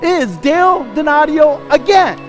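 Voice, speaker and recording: A male pastor acting out an exasperated heavenly figure, loudly complaining about someone who keeps coming back. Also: very high-pitched, expressive, normal speed, faint music behind, voice pushed up. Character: exasperated heavenly man, fed up with a repeat asker.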